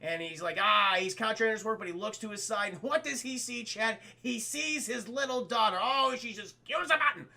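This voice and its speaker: A man streaming a casual spoiler-filled film review to live chat, animated and swearing freely as he acts out scenes. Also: high voice, brisk, creaky, hardly any pauses.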